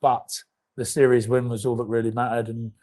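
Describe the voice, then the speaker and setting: A man's voice: medium pitch, flat delivery, fairly quick, warm tone. A man in his thirties, a podcast co-host, telling rambling comic stories in casual chat and swearing freely.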